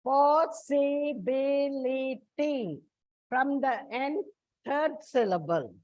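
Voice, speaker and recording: A woman with an Indian English accent teaching an English lesson, slowly spelling out word endings letter by letter and repeating each example word. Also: sits high, animated. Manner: slow, deliberate, repeats and spells out words letter by letter. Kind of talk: slow spelled-out classroom lesson. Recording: dull, muffled lo-fi recording.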